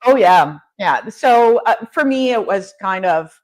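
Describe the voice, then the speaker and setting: A woman in her fifties, a home builder guest on an interview podcast, telling lively stories and laughing often. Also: medium pitch, moderate pace, few pauses. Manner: animated storyteller, laughs often. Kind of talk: casual interview chat.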